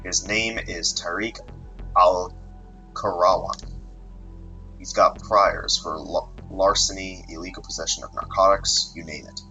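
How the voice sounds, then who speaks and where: A businesslike police director briefing his units, crisp and to the point, as a man reads him. The voice is low and forcefully bright. It comes from a visual novel read aloud. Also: fairly even intonation, measured pace, faint music behind, exaggerated voice, low-quality recording.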